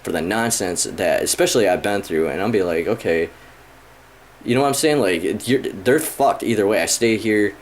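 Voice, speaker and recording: A man's voice: fairly low pitch, normal speed, slight background noise. A man in his thirties ranting casually to the camera, frustrated and profane, rambling with many fillers. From Michigan, USA. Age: 30s. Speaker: vlogger.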